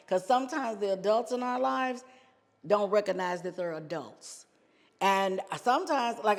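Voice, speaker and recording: Animated woman guest telling stories. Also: mid-range voice. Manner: animated storyteller, laughs often, says "y'all". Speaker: podcast guest. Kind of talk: personal storytelling. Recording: long hall reverb.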